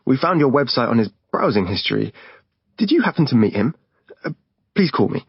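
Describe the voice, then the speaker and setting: A man's voice: medium pitch, big pitch swings, brisk, creaky, breathy edge, no echo, voice pushed up, full character voice. A man voicing a flustered young man who stammers through awkward phone calls. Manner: hesitant, stammering, overeager. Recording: dull lo-fi recording.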